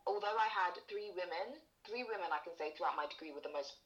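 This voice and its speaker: A woman's voice: fairly low pitch, fast talker, dull audio. A young woman speaking candidly in a casual conversation, acting out the lines of people she talks about. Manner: candid storytelling with reenacted quotes. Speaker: guest.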